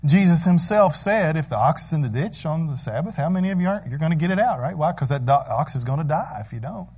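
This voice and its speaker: Man, pastor preaching, fairly high voice, earnest, rhetorical questions, dull lo-fi recording. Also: lively intonation, fast, darkish tone, husky. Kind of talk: sermon.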